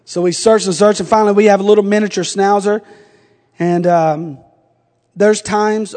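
A middle-aged man preaching a sermon, moving between quiet storytelling and shouted exhortation. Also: high-pitched, fairly even intonation, normal speed. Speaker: pastor. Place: church sanctuary. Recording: long church reverb.

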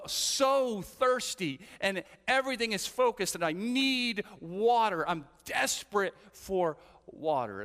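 A man's voice: medium pitch, fairly bright tone. A man preaching a sermon as a pastor, telling stories in a conversational way and often asking his listeners "right?". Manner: conversational storytelling with frequent "right?" asides. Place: church hall. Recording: long church hall reverb.

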